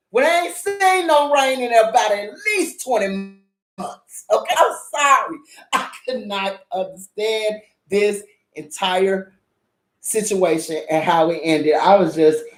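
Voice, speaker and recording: A woman host reviewing a drama in a casual, blunt rant, swearing heavily and repeating herself for emphasis. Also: medium pitch. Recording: echoey room.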